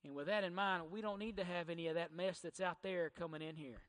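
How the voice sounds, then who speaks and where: Pastor, middle-aged man, bright and forceful, repeats lines for emphasis. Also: high voice, fairly even intonation, quick pace. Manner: emphatic preaching with rhetorical questions and repetition. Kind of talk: sermon. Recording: church hall reverb.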